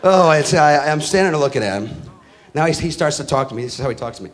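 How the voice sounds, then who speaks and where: A middle-aged man doing a profane stand-up comedy routine on stage, ranting loudly and acting out the people in his stories. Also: on the high side, animated, fast, a little hiss or hum. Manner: loud, ranting, profane, acts out characters. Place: comedy stage before a live audience. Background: crowd laughing.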